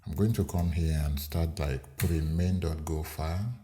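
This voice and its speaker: A man hosting a screen-recorded coding tutorial, explaining each step in an unhurried way with fillers. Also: very deep voice, dark tone. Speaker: programming tutorial host.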